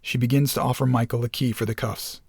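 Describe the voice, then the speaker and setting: A man reading a screenplay aloud as narrator, steady and matter-of-fact. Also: medium pitch, quick pace, vocal fry, breathy edge, dry recording.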